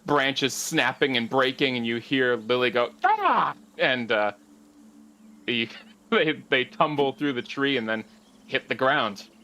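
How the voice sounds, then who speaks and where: A man narrating a tabletop game as game master, relaxed and chatty with many fillers. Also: medium pitch, measured pace.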